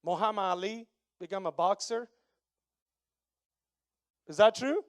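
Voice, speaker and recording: Argentine pastor guy in his 30s, spanish accent, high voice, jokey animated sermon, dry sound. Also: unhurried, no room sound. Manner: animated, joking with the congregation, broken English.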